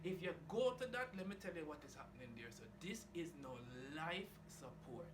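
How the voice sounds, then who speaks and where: In a fairly high, very animated voice, a man talks fairly quickly and loosely about his reef aquarium, swearing without restraint. He vlogs from a room at home next to the tank, and through the open door the echoey recording catches geese and outdoor noise.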